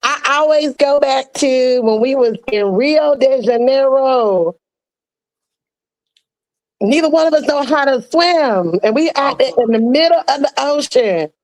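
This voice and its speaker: A woman's voice: high-pitched, animated, a little slow, darkish tone, rough recording. Chatty woman holding back tears. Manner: emotional, fighting back tears, laughing; playful, chatty with quoted asides. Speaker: podcast co-host. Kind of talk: casual heartfelt chat.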